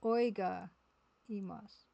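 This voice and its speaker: A woman streaming a game live, talking casually and haltingly as she sounds out words one by one. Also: mid-range voice, fairly even intonation, gravelly, muffled recording.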